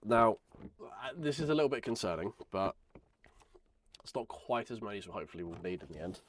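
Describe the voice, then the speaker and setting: A man with a cold, talking in a croaky, gravelly voice as he chats casually and rambles through a live stream. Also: fairly low pitch, animated, brisk, a little hiss or hum. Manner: rambling, self-deprecating. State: hoarse from a chest infection. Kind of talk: casual live-stream chat while building.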